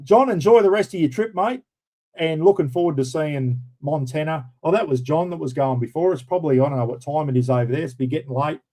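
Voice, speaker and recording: A man's voice: on the high side, dark tone, poor audio. A middle-aged Australian man hosting a casual livestream chat, blunt and swearing freely, calling viewers mate. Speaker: livestream host. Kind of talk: casual live-stream chat.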